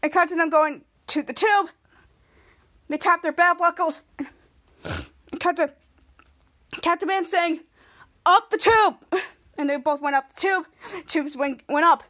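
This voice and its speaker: A woman's voice: high-pitched, a bit bright. A woman podcast host giving a chatty, loose play-by-play recap of a TV episode.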